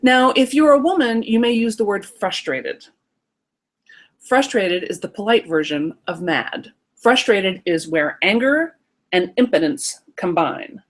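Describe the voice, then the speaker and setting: A woman hosting a live online workshop, encouraging and affirming as she talks to her audience. Her pitch moves a lot, lively and expressive, while her level stays middle-range. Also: measured pace. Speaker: workshop host.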